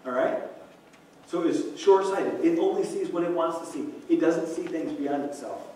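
Male pastor, somewhat high voice, conversational sermon full of restarts, heard from a distance with a faint hiss. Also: darkish tone. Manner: conversational preaching with repeated restarts and asides. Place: church sanctuary. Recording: echoey room, mic from a distance.

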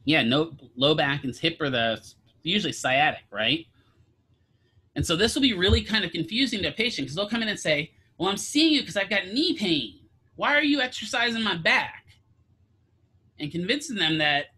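Bright-voiced man giving a casual lecture. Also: a little high, slightly rough. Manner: asks students questions, casual joking asides. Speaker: physical therapy instructor. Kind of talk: classroom lecture.

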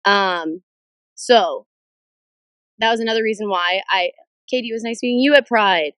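A young woman in her twenties with a bit of a cold, chatting excitedly on a livestream and answering viewer comments. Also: medium pitch, normal speed, dry recording. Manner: bubbly, excitable, jumps between viewer shoutouts. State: stuffed up with a cold. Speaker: livestream host. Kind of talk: casual livestream chat reading comments. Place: in a car. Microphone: phone camera.

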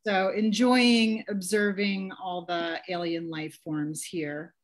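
A woman's voice: on the low side, fairly even intonation. A middle-aged woman from New York doing a wry stand-up set. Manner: wry, unhurried delivery. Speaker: stand-up comedian.

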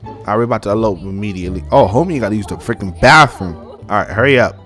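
A young man hosting a gaming channel, giving excitable, casual let's-play commentary and talking straight to his viewers. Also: lowish voice, quick pace, soft background music. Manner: excitable, animated, talks to viewers as "y'all".

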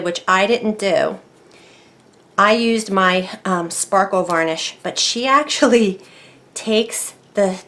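A woman's voice: medium pitch, a bit bright. A woman teaching decorative painting in a casual tutorial, chatting and thinking aloud as she works at a close mic.

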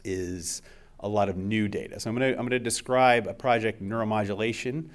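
Low-voiced man giving a relaxed seminar talk. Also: a little fast. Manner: conversational, frequent uh and um fillers. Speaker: invited scientist speaker.

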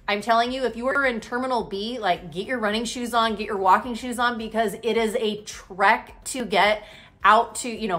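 A woman's voice: a little high, pushed and bright. A woman in her thirties, a real estate agent and coach, chatting to camera and telling a story in an upbeat, rambling way. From Utah. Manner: chatty, upbeat, fillers like "literally" and "you know".

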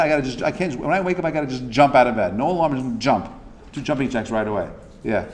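A man's voice: medium pitch, animated, quick pace. A man giving a casual, interactive class. He talks loosely, with many fillers and restarts, and acts out the quotes he tells. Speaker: Torah class teacher.

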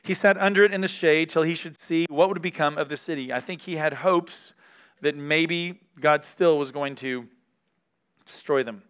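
Smooth-voiced man teaching the Bible. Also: fairly high pitch, normal speed, a bit bright. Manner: candid, reads scripture aloud between remarks.

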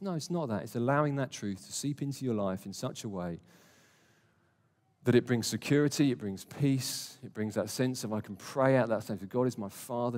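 A medium-pitched male preacher speaks a little fast, his intonation lively. In a warm church hall before a live congregation, he gives an emphatic, conversational sermon with joking asides, recorded with long reverb.

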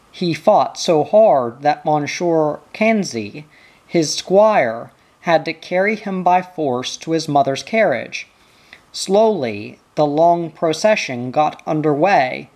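A reader narrating a history book in an even, measured manner. The pace is markedly slow and careful, with each phrase given room. The voice sits at a middle pitch. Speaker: audiobook reader. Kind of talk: reading a history book aloud.

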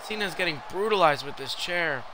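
A young man giving live commentary while he plays a wrestling video game, reacting loudly to every turn. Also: fairly high pitch, animated, fairly quick, background noise. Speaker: game streamer.

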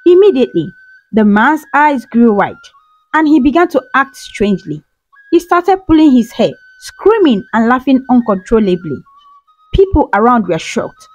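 Woman, folktale narrator, scripted, dramatic, high pitched, faint music. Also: a little mellow, poor audio. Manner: dramatic storytelling. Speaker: storyteller.

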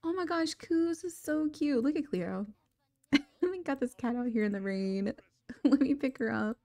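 A woman's voice: sits high, expressive, a little slow, dark tone, no room sound. Giggly young woman narrating a game. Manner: chatty and giggly, laughs often. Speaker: gaming video creator. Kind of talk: casual gameplay commentary.

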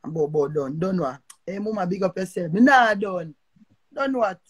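A woman's voice: lowish voice, moderate pace, breathy edge. Older Jamaican woman ranting, cursing. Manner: cursing, repetitive, confrontational. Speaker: social media personality. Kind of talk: heated live-stream rant.

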